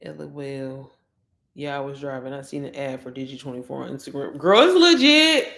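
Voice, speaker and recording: A woman, chatting excitably on a casual livestream and talking straight to her viewers. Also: very deep voice, fairly quick, creaky. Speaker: online course promoter. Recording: echoey room.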